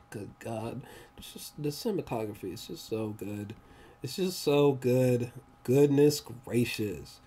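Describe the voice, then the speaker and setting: A man giving a casual, rambling movie review, excitable and slangy, often laughing. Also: fairly high pitch.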